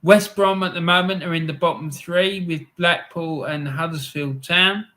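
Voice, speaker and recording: Man, middle-aged, bright forceful voice, slightly high, rambling football chat, laughs a lot. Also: normal speed. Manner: chatty and rambling, laughs often, tells anecdotes. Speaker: live-stream football show host. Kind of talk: casual live-stream chat.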